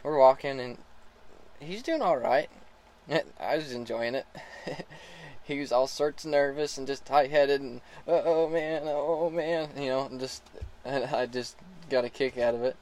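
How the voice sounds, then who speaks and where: A man's voice: medium pitch, a little slow, rough recording. Easygoing man telling a riding story. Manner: relaxed, laughs often, restarts sentences. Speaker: horse rider starting a young colt. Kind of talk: casual spoken storytelling.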